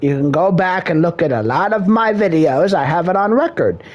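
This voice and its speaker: A man's voice: high voice, expressive, normal speed. A man playing a mock marriage counselor in crude improvised comedy, drawling in a mock-serious way.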